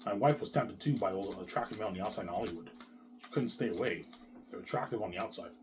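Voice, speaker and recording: A man in a rambling monologue, repeating himself, swearing and jumping between quiet mumbles and loud outbursts. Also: lowish voice, fast, noisy background. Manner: repetitive, restarts, keeps saying "man"; profane, agitated swings in loudness.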